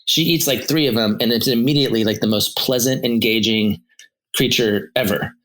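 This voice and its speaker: A man's voice: mid-range voice, moderate pace, a bit bright, rough recording. A man who is a therapist and podcast co-host, telling stories in a casual, rambling way, with lots of restarts. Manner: storytelling, many restarts and fillers.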